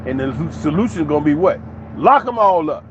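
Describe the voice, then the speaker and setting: A man's voice: fairly high pitch, lively intonation, a little fast, highs cut off, slight background noise. A man giving an opinionated commentary monologue in an emphatic, preachy way, with many rhetorical questions. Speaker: commentary channel host.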